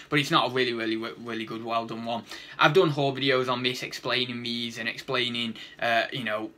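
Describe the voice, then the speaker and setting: A man's voice: medium pitch, pushed and bright. A man chatting casually through a reselling haul video, rambling and thinking aloud with plenty of fillers. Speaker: online reseller.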